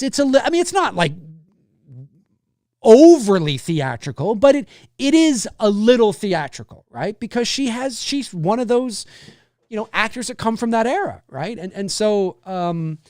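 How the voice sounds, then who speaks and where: A man's voice: high-pitched, sing-song, measured pace, darkish tone, dry recording, clean studio sound. A man in his forties hosting a live stream, chatting casually and answering viewers, with lots of fillers and restarts. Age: 40s. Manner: rambling, loose, many fillers and restarts. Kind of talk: casual chat.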